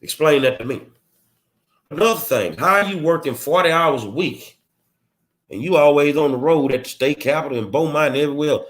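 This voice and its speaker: A man's voice: a little high, fairly quick. A man delivering a blunt, combative monologue full of rhetorical questions, in a streetwise manner. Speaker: political commentary host. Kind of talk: confrontational monologue.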